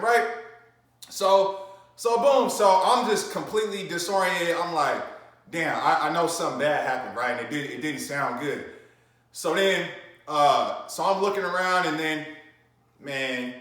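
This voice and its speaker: A man's voice: fairly high pitch, a little slow, a bit bright, recorded from a distance. A man casually telling his own story in a slangy, rambling way, with lots of fillers and restarts. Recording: very echoey room.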